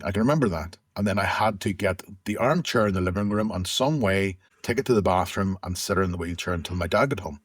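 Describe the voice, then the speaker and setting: A middle-aged man speaks in a low, slightly husky voice, recalling his past in a candid, conversational way and often restarting his sentences. The recording is close and dry, with little room sound around him. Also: no room sound. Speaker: interview guest. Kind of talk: candid personal storytelling.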